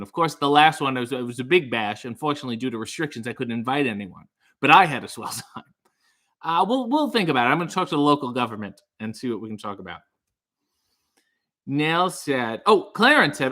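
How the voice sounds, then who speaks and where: A comedian host reading out viewer comments on a casual livestream, with sarcastic, deadpan asides. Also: male voice, mid-range voice, brisk.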